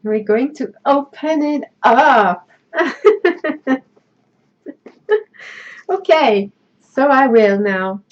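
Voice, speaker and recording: Woman vlogger, crafting host, high and unhurried, excitable, dull home audio. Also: slight background noise. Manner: gushing, emotional, laughs often. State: tearful, choked up. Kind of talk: casual unboxing vlog.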